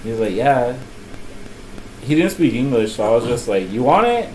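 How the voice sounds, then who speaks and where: Animated and mellow, this young man's medium-pitched voice moves at a normal speed as he hosts a podcast. He tells a loose, profane story full of laughs and "bro," and the poor audio has slight background noise.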